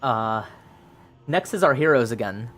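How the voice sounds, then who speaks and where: Slow, mumbling man narrating a solo game. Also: mid-range voice, lively intonation, a bit bright, soft background music. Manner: muttering through dice rolls, thinking aloud with many ums. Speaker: solo tabletop game player.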